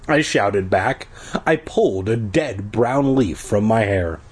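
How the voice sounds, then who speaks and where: A man's voice: lowish voice, animated, takes it slowly, breathy edge. A man reading a story aloud and breaking off for sarcastic, profane jokes. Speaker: reader. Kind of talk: comedic book reading with crude asides.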